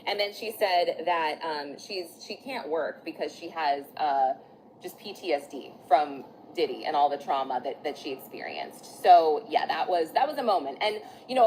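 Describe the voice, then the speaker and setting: A woman's voice: lowish voice, a little mellow, a little hiss or hum, poor audio. A woman giving a casual spoken recap outdoors in the sun, chatty and full of fillers and restarts, apologizing for her slips. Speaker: vlogger recapping court testimony.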